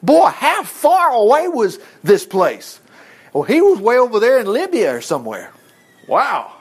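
A man's voice: very high-pitched, measured pace, husky. A man preaching a conversational sermon in a folksy way, breaking off to act out the scripture dialogue. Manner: folksy, animated, self-interrupting, acting out scripture dialogue.

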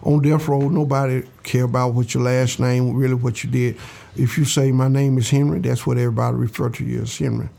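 An older man, his voice gravelly and mellow. He tells his story to an interviewer slowly and earnestly, and he acts out the voices of the people he quotes. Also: medium pitch, steady tone. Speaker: interview guest.

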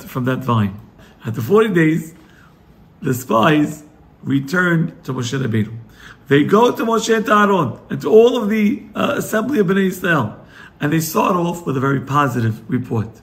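A man, a rabbi, giving a Torah lesson, telling the story with animated, acted-out quotes. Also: fairly high pitch. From United States. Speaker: rabbi teaching weekly Torah portion.

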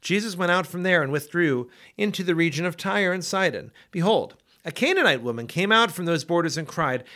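A man reading scripture aloud in a measured, expressive way. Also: high-pitched. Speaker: Bible reader.

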